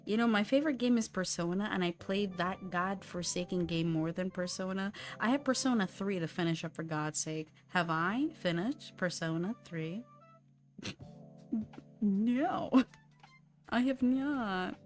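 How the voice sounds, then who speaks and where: A woman's voice: fairly low pitch, normal speed, faint music behind. A young woman chatting on a livestream while she draws, rambling, swearing and laughing often. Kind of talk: casual chat while drawing.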